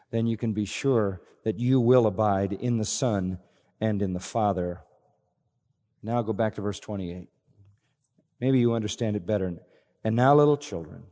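Male pastor, measured and deliberate delivery, voice ringing in a large reverberant church. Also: medium pitch, dark tone. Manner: earnest, emphatic preaching with repeated phrases. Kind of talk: sermon. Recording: long hall reverb.

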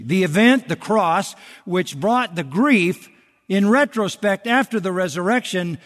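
Male pastor, sermon delivery, earnest and emphatic with repetition, slightly high voice, big reverberant sanctuary.

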